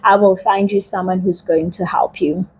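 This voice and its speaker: A woman voicing God as a calm, patient male figure who reassures in plain words. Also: on the low side, normal speed, breathy edge. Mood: reassuring.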